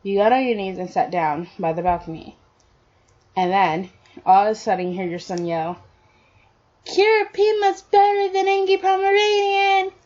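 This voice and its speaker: A woman's voice: lowish voice, normal speed, warm tone. A woman casually reading fan fiction aloud to her listeners, with slips and restarts along the way. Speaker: storyteller. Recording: dull lo-fi audio.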